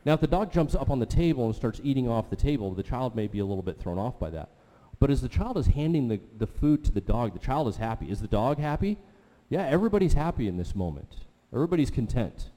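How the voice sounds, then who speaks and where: A man preaching a sermon, telling a story with animated swings from quiet talk to loud exclamations. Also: medium pitch, quick pace, few pauses, long reverb tail. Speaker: pastor.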